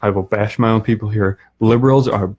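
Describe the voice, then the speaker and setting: A man talking as a podcast guest, relaxed and opinionated, with many fillers. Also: fairly low pitch, fairly quick, breathy edge. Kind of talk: casual chat.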